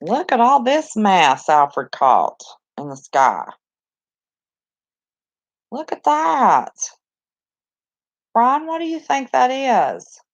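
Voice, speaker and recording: A chatty, excitable woman with a Southern West Virginia accent, hosting a casual live chat from a cluttered bedroom on a phone. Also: a little high, drawn-out words, pauses often, muffled recording. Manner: chatty, excitable, talks to viewers and reacts to the chat. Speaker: live stream host.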